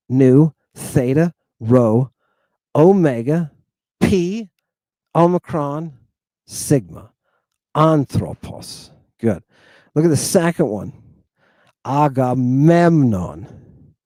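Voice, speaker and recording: A man teaching a lesson in a casual, animated way, often asking "right?" and calling his listeners "people". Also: medium pitch, no room sound. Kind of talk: informal lesson.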